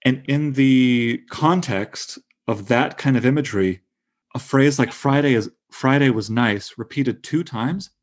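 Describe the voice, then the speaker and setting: A man's voice: mid-range voice, measured pace. A man in his thirties leading a casual literary discussion, enthusiastic and stumbling over restarts. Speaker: discussion leader.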